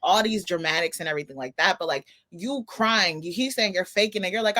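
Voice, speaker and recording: A young woman co-hosts a casual chat podcast and tells stories with animated disbelief. Her bright, forceful voice swings widely in pitch while staying mid-range. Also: fairly quick, hardly any pauses. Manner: animated storytelling, laughing incredulity. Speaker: podcast co-host.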